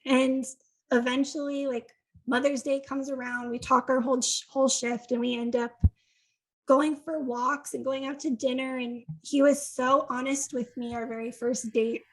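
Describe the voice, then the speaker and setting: A woman's voice: high-pitched, poor audio. A woman from Connecticut, a podcast guest, telling a story in a chatty way, often saying "like" and acting out what others said. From Connecticut, USA. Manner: chatty, animated, acts out quoted dialogue; frequent "like" and quick laughs. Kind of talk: casual storytelling in conversation.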